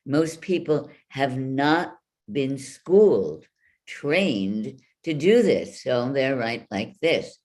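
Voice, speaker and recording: A woman teaching speech over a video call, slowly demonstrating vowels and consonants with drawn-out sounds. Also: rumbling low, darkish tone.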